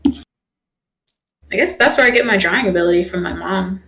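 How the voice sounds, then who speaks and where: A woman's voice: mid-range voice, moderate pace, creaky, fairly bright tone, rough recording. A young woman streamer chatting casually while she draws, rambling with lots of fillers. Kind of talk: casual chat while drawing.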